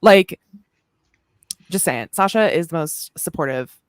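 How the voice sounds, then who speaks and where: Animated woman chatting on a video call, lowish voice, bouncy, dry sound, laughs a lot. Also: a little slow, clean tone, no echo. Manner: animated, laughs often, reads tarot meanings aloud. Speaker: podcast co-host. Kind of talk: casual group chat on a video call.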